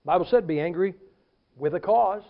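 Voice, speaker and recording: High-voiced animated preacher, lo-fi. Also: male voice, normal speed, vocal fry. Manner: animated storytelling preacher, acts out quotes. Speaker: pastor. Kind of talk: sermon.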